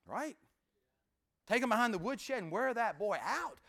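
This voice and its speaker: Man, sermon, high-pitched, folksy, emphatic. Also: lively intonation, measured pace, long pauses. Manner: emphatic, swings from loud outbursts to hushed near-whispers; folksy, conversational preaching. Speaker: pastor.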